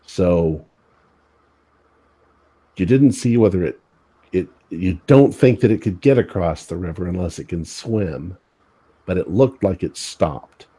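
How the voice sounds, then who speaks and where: A man running a tabletop horror game as game master, describing scenes in a halting way and repeating words. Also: deep voice, dark tone, husky.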